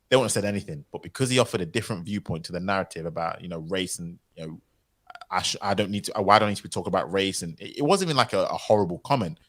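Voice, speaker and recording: A man speaking on a podcast panel, telling stories with excitable, incredulous outbursts. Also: low-pitched, very fast, dry recording. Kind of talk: casual panel discussion.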